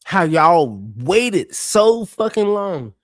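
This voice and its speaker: Male podcast co-host, profane storyteller, slightly high voice, dry studio mic. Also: sing-song, extremely slow, no room sound. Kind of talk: casual sports chat.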